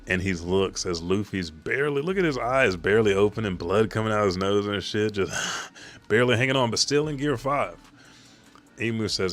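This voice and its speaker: A man's voice: sits low, normal speed, a bit bright. A man casually recapping a manga chapter, rambling and swearing.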